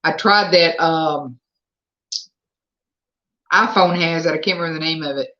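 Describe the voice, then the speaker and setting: This is a livestream host with a Southern US accent, talking casually from home. The voice sounds bright and forceful, and it moves from one viewer comment to the next in easy chatter. The audio is a little muffled and lo-fi. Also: mid-range voice, measured pace. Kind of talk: casual live chat. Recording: slightly dull lo-fi sound.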